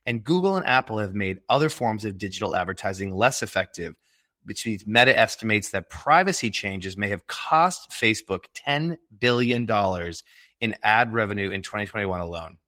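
Bright-voiced upbeat male podcast host. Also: fairly low pitch, expressive, moderate pace, dry recording, studio quality. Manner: upbeat, laughs often. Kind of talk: scripted casual podcast banter.

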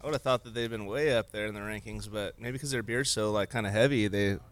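A man co-hosting a casual beer podcast, tossing in quick jokes. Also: on the low side, a bit bright. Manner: jokey, quick quips. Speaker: podcast co-host. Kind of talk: casual chat.

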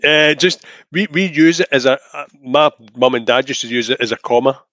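A man's voice: medium pitch, a little fast, noisy background. A Scottish man co-hosting a podcast, chatting casually and joking with frequent laughs. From Scotland. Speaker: podcast co-host. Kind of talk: casual chat.

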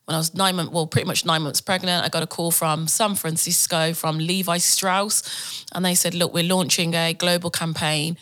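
Woman, thirties, guest storyteller with a bright, fairly low voice. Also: normal speed. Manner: animated storytelling with laughs and acted quotes. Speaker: podcast guest, entrepreneur. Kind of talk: casual interview talk.

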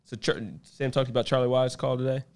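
A man with a smooth, resonant voice tells a story in a relaxed chat. He gets animated and acts out the lines he says in the story. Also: mid-range voice, fast. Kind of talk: casual chat.

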